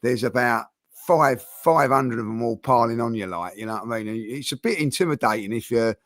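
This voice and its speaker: A man talks in loose, filler-heavy runs. His voice sits mid-pitch and comes through close and dry, with no room sound around it. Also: fairly quick, a bit bright, no echo. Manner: rambling, full of fillers and restarts. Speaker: football fan pundit. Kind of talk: casual panel chat.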